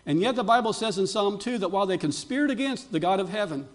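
High-voiced male pastor preaching. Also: expressive, quick pace. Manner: rising to emphatic peaks, with frequent restarts. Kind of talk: sermon.

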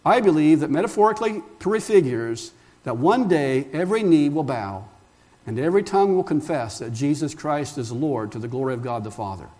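A man's voice: on the high side, lively intonation, a little fast, darkish tone. A male pastor preaching a sermon emphatically, asking rhetorical questions and calling the congregation friends. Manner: addresses listeners as friends.

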